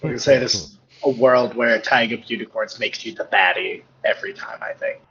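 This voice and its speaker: A man's voice: medium pitch, fairly quick, creaky, fairly bright tone. A man playing a tabletop game over a call, wry and teasing. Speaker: player. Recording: muffled online call audio.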